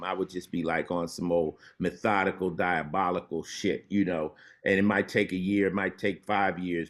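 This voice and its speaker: A man as an interview guest, telling stories in a laid-back way and dropping low and slow when he turns serious. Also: a bit bright. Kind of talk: casual conversation.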